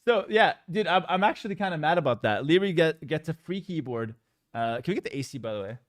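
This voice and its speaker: A man's voice: fairly high pitch, animated, fast, no echo. A man streaming, telling a story in a casual, joking way with exaggerated mock outrage.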